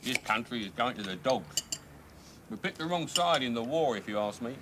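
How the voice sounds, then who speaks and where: A man's voice: mid-range voice, normal speed, noisy background, natural voice. An actor playing a middle-aged encyclopedia salesman who moans bitterly about his country. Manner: moaning, bitter, lively intonation.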